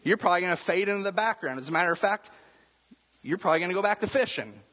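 Talking very fast and animatedly, this pastor has a high, slightly bright voice trailed by long reverb. He delivers his sermon casually, like a conversation, dropping rhetorical asides and constantly asking the congregation "right?"

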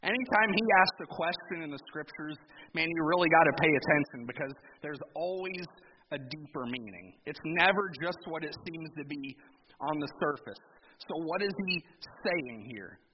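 A man's voice: a little high, animated, moderate pace. Man preaching in a reverberant church hall. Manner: conversational, with rhetorical questions to the congregation. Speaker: pastor. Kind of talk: sermon. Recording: reverberant hall, dull lo-fi sound with background noise.

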